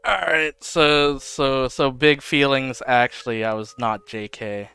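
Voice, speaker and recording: A man streaming a game, casually recapping the story and quoting the characters in slangy, animated asides. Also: medium pitch, slow, gravelly, smooth, dry recording.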